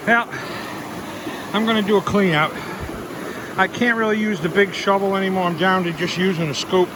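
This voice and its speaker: A man with a fairly high voice talks casually to a handheld camera while prospecting outdoors. He is chatty and easygoing. Rushing river water fills the background. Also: fairly even intonation. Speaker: vlogger, gold prospector. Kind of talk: casual outdoor vlog narration. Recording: loud river noise outdoors.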